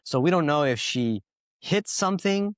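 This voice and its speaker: A man's voice: fairly high pitch, moderate pace, no room sound, clean studio sound. Rambling male podcast host telling a story. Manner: rambling, filler-heavy, animated storytelling.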